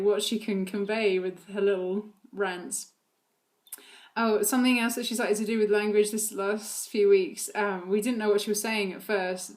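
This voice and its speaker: A woman's voice: medium pitch, darkish tone. A woman, a mother, chatting casually on her vlog, full of fillers and frequent laughs. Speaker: vlogger and mother. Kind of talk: casual chat about her toddler.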